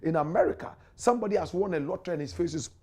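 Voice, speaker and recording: A man's voice: on the high side, very fast, darkish tone. A man from Ghana with a Ghanaian accent, hosting an opinionated commentary show and preaching directly to his listeners.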